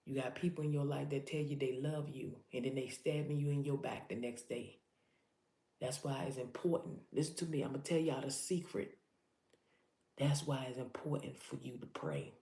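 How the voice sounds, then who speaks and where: A woman's voice: rumbling low, fairly even intonation, moderate pace, gravelly, warm tone, roomy sound. A woman giving an impassioned preaching vlog, talking urgently to her listeners and repeating herself for emphasis. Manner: urgent, repetitive, addresses listeners directly. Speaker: motivational preacher.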